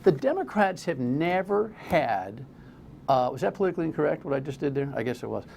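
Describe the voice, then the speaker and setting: A middle-aged man from New Jersey hosting a talk radio show, blunt and rambling, his pitch jumping up when he gets worked up. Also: sing-song, fairly quick, gravelly, darkish tone, slight background noise.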